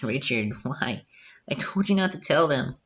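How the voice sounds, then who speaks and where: A man voicing a lively, cheerful teenage schoolgirl friend in a game reading. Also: medium pitch, a little slow, dull audio. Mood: pleading.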